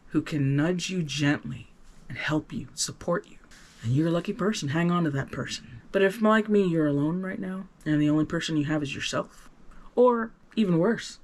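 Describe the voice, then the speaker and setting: Speaking candidly to the camera in a personal vlog, a man rambles earnestly, restarting often and swinging suddenly from soft to emphatic. His voice sits a little high.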